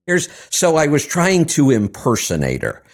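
A male radio host talks in casual call-in banter. His pitch swings widely as he tells stories and slips into mimicking voices. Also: moderate pace. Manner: animated, mimics voices while telling stories.

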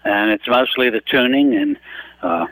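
Brisk co-host with a sharp, bright voice and a dry sound. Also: male voice, lowish voice, no echo, rough recording. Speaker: radio co-host. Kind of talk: call-in radio talk.

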